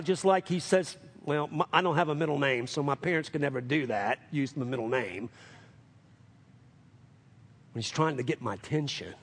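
Preacher with a husky, high voice. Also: male voice, animated, moderate pace. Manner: rising to emphatic highs, dropping to hushed lows; calls for amens from the congregation. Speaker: pastor. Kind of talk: sermon.

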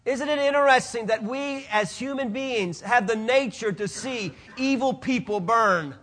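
A man preaching a sermon, swinging from loud declarations to hushed, quiet asides. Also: very high voice, measured pace.

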